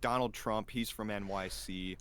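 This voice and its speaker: A man co-hosting a podcast in casual chat, with crude, deadpan humor. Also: fairly low pitch, normal speed, clean tone. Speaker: podcast co-host.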